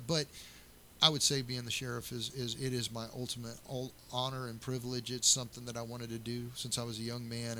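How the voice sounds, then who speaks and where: A man's voice: medium pitch, bright, forceful tone, slight background noise. A middle-aged man, a county sheriff, answering interview questions earnestly and telling stories with many restarts.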